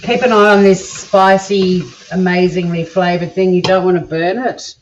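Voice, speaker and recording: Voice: medium pitch, level tone, normal speed, muffled recording, noisy background. A home cook with an Australian accent chatting casually while cooking in a home kitchen, joking crudely and rambling as they go. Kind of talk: casual cooking vlog chat.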